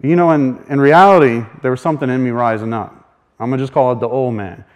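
Speaking fast in a steady, mid-range voice with a somewhat dark tone, a man gives a personal testimony of his faith. He tells it folksily, chuckling as he goes and voicing the different people who appear in his tale.

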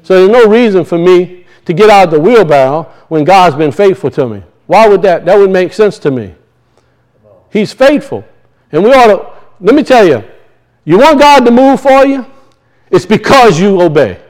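High-voiced man preaching a sermon. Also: sing-song, normal speed, darkish tone, poor audio. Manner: emphatic preaching, voice rising and falling, repeats phrases.

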